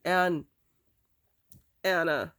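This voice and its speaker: A woman recounting a painful personal memory, halting, with many fillers and restarts. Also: on the low side, fairly bright tone. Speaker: storyteller.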